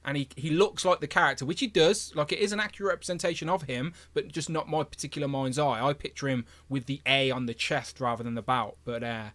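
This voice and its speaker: A man's voice: mid-range voice, quick pace, hardly any pauses, a bit bright, no room sound. A young English man hosting a casual livestream, chatty and upbeat, reading out viewer comments. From England. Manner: upbeat, chatty, laughs often. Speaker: livestream host. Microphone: headphones with mic.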